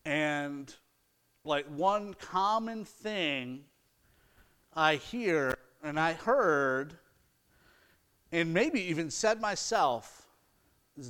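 Speaking extremely slowly and pausing often, this middle-aged pastor has a slightly high, fairly bright and clean voice with lively intonation. His earnest sermon includes scripture readings, mocking quotations of excuses, and emphasis that climbs toward forceful points.

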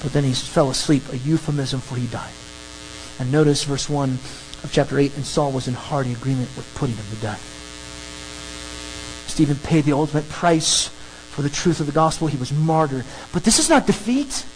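A preacher giving an animated, emphatic sermon that works through a scripture passage. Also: mid-range voice, moderate pace, slight background noise, low-quality recording. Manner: animated, emphatic, acts out crowd scenes.

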